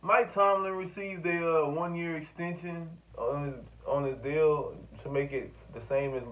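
A man's voice: fairly high pitch, fairly even intonation, measured pace. Rambling man, tinny distant sound. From Louisiana. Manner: rambling, profane, talks straight to camera. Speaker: sports vlogger. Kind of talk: casual sports rant to camera.

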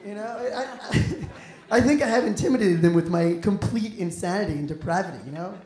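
A young man rambles through a stand-up set, mocking himself and swearing freely. His voice sits at a middling pitch, and the roomy club echo carries every line. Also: brisk, darkish tone. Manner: self-deprecating, rambling, profane. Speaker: stand-up comedian. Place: comedy club stage. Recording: echoey comedy club room.

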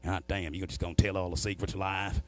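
A man voicing a gruff, bearded rural driver who grumbles low and curses in a drawl. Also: level tone, a little fast, no echo, faint music behind, lightly acted. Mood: grumbling.

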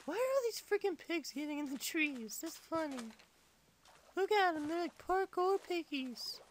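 A performer voicing a squeaky little kid gamer who chatters and complains while playing. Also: animated, normal speed, a little hiss or hum. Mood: excitable. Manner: chatty, complains to itself, mumbles while sorting items. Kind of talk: game playthrough commentary in character.

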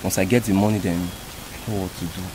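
An actor playing a worried, broke young boyfriend who pleads and flatters his girlfriend. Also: low-pitched, a little fast, a little hiss or hum, lightly acted, low-quality recording. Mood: pleading. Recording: background film music.

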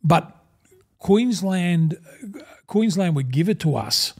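Older australian man, guest in an interview, mellow voice, slightly high for a man, rambling storyteller, says "mate" constantly. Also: expressive, slow pace, creaky. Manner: rambling, calls the host 'mate' constantly, acts out old conversations. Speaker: guest, former rugby league front rower.

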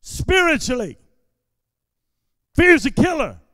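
A male pastor preaching a sermon in a church service. He repeats his lines in a steady preaching cadence and builds them up into shouted declarations. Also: very high-pitched, slow, dry recording, clean studio sound, long reverb tail. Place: church sanctuary during a service.

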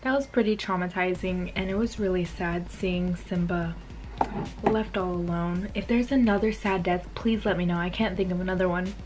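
A woman's voice: lowish voice, normal speed, background noise. A young woman vlogging casually while she eats, chatty and gushing, with lots of ums and likes. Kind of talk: casual vlog chat while eating.

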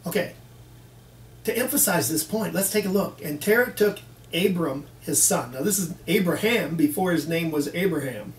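This man's voice is on the high side, with lively intonation and a normal speed, as he gives a folksy sermon and acts out both sides of brief exchanges with the congregation. It was recorded in an echoey room from a distant mic, with faint background hiss.

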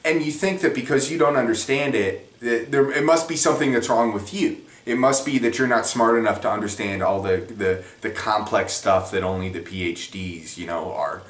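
A man's voice: on the low side, normal speed, hardly any pauses. A man giving a casual, rambling spoken lesson on economics from home, conversational and self-deprecating. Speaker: economics explainer. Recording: echoey room, distant from mic.

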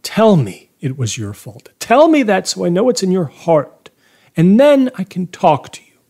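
A man's voice: on the low side, takes it slowly, husky. A man voicing a desperate, accusing stranger. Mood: agitated. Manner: intense, accusing, rising to near shouting. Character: desperate, bitter middle-aged male stranger.

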